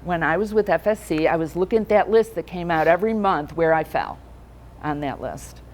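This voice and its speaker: A woman's voice: on the low side, animated, brisk, darkish tone, slight background noise. A middle-aged woman giving a conversational keynote talk to a room of financial advisors, telling stories and putting questions to the audience.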